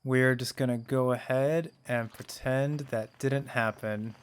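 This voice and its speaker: A man's voice: medium pitch, steady tone, measured pace, clean tone. A man giving casual gameplay commentary as a let's play host, chatty and wondering aloud.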